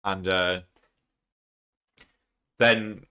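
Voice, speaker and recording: A man's voice: low voice, steady tone, drawn-out words, sharp tone, clear, resonant tone. A man casually recapping a comic chapter, rambling with lots of fillers and frequent chuckles. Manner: chuckles often, loose and rambling with many fillers. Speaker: manga reaction channel host.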